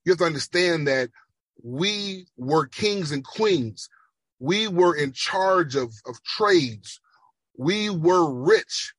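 A man from Chicago with a slight Jamaican-influenced accent, a speech pathologist giving earnest, emphatic interview answers that slow down for emphasis. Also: fairly high pitch, lively intonation, a bit bright, husky, no room sound. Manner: emphatic, measured, slows for emphasis. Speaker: speech language pathologist guest.

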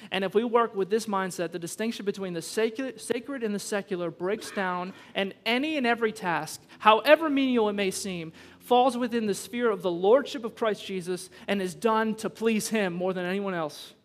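A pastor delivers a sermon in a high, bright male voice, telling casual stories and then building to emphatic, rising lines. His voice rings out with long reverb through a church sanctuary. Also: moderate pace, few pauses. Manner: animated preaching with rising emphasis; conversational storytelling asides.

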